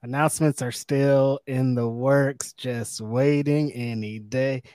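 A man co-hosting a wrestling podcast in a relaxed, agreeable way, chiming in with short affirmations. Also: mid-range voice, slow, clean tone, dry recording, clean studio sound. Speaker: podcast co-host. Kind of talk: casual chat.

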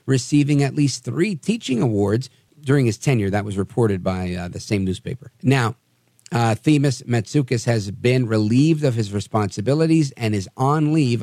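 A man hosting a podcast, telling odd news stories with wry, animated asides. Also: mid-range voice, no echo, clean studio sound. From New Jersey area. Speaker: podcast host. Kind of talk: casual news commentary.

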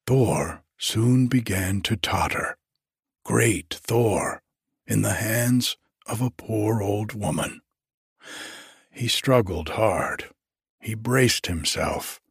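A male storyteller with a low, husky voice reads in a slow, measured way. The sound is dry and close, with no room around it. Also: no echo. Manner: slow, measured, even reading. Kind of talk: storybook narration.

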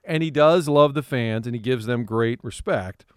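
A man's voice: medium pitch, normal speed, clean tone, no echo, clean studio sound. Man telling a story on talk radio. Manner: animated, laughs often, slips into impressions. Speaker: radio guest. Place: radio studio.

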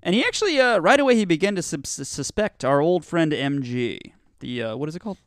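A man's voice: fairly high pitch, very animated, brisk, no echo, clean studio sound. A man co-hosting a casual comedy podcast, rambling and joking with lots of fillers and restarts. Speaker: podcast co-host.

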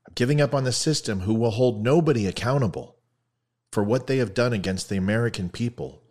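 A man hosting a podcast, giving an impassioned monologue and then telling a long joke with growing animation. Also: fairly low pitch. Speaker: podcast host.

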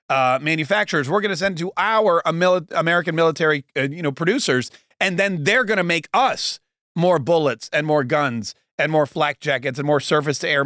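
A man's voice: on the high side, fairly bright tone, no echo, clean studio sound. A man in his forties hosting a podcast, giving casual political commentary in a sarcastic, rambling way with mocking asides. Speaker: podcast host.

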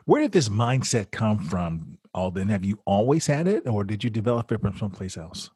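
A man interviewing a guest, asking measured questions and summing up his answers. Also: lowish voice, very animated, dark tone, breathy edge, no room sound, studio quality.

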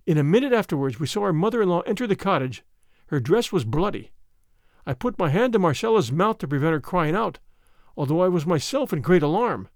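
A man narrating a classic tale as an audiobook reading, in an expressive, dramatic manner. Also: high voice, brisk, no echo, clean studio sound.

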